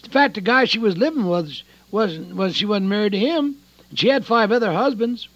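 A man preaching a radio sermon, swinging dramatically between loud calls and hushed words. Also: high voice, expressive, moderate pace, muffled recording.

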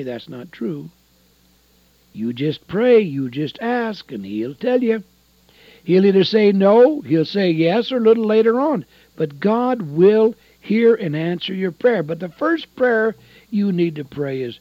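Older preacher, husky and dynamic. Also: male voice, big pitch swings, measured pace, no echo, highs cut off. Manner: swings between loud emphasis and hushed low asides. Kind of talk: sermon.

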